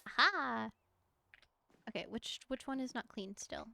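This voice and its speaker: Chatty American woman streamer, slightly high voice, casual and giggly. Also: animated, a little slow, creaky, pushed and bright, a little hiss or hum. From United States. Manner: chatty, rambling storyteller who laughs often. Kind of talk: casual stream chat while gaming.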